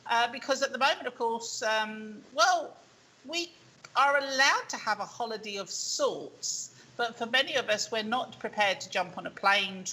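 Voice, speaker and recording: A woman's voice: fairly high pitch, normal speed, pushed and bright, rough recording. A middle-aged woman hosting a casual live video chat from her kitchen, talking in a chatty way, laughing and stumbling over her words. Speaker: host. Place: home kitchen. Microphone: webcam on a video call.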